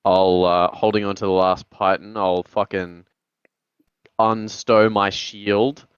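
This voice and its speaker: Smooth low-voiced male gamer, dull mic. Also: little pitch movement, slow, no echo. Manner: casual, swears often, hesitant planning. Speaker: player. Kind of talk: casual tabletop game chat.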